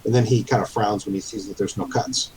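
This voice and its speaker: A man narrating as game master of a tabletop game, halting and filled with fillers. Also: fairly low pitch, steady tone, darkish tone, slight background noise, low-quality recording.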